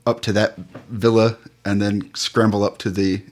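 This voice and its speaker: A low-voiced man serves as game master for a tabletop game. His narration is relaxed and halting, full of fillers.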